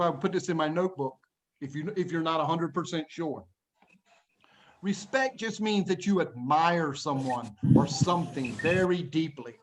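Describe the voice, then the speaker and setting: A man teaching an online English lesson to children, explaining words patiently and plainly, laughing often, over a video call. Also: high-pitched. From United States.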